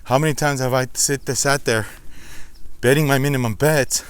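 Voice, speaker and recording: A man's voice: mid-range voice, steady tone, normal speed, smooth. A man hosting a casual walk-and-talk vlog outdoors, a little out of breath as he climbs a steep hill and talks reflectively to his viewers. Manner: chatty, addresses viewers as guys, reflective. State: out of breath walking uphill. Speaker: slots channel host.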